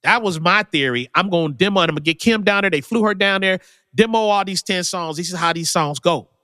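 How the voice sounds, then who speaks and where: A man, a music producer guest, telling stories in a casual chat, leaping into high, lively voices when he quotes people. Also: a little fast, no room sound, clean studio sound, big-room sound. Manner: animated, leaps high when quoting people.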